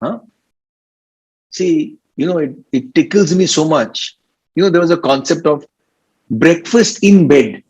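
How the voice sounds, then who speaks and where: A man's voice: a little high, expressive, unhurried, long pauses, darkish tone, breathy edge. A man with an Indian English accent giving an informal spiritual talk as a guru, playful and teasing, often laughing and mimicking people, in a dull lo-fi recording. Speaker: spiritual teacher.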